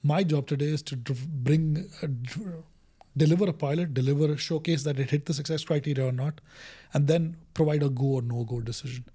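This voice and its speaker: This guest is a middle-aged innovation director whose voice sits on the high side, brisk with a breathy edge. Telling a story during an interview, he brings it to life by performing the quoted dialogue.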